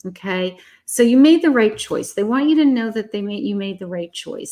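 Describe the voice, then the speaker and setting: A woman's voice: mid-range voice, normal speed, dark tone. A woman doing a live tarot reading, speaking soothingly and reassuringly straight to the viewer. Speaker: psychic tarot reader.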